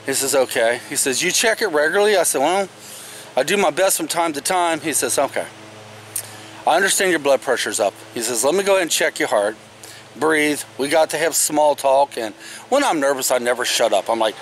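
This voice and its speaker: A man's voice: fairly high pitch, expressive, normal speed, fairly bright tone, a little hiss or hum. A middle-aged man vlogging, telling a story casually and emphatically, swearing now and then.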